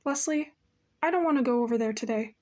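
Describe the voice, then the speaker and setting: A woman's voice: fairly high pitch, fast talker, darkish tone, natural voice. A woman voicing a shy, timid rural schoolboy in an audiobook reading, with a hesitant, stammering manner.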